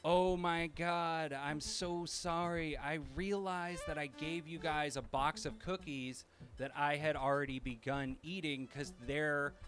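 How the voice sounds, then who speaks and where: A man voicing an overly nice male neighbor who talks softly and apologetically, eager to please. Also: on the high side, fairly even intonation, slow pace, faint music behind. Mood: apologetic.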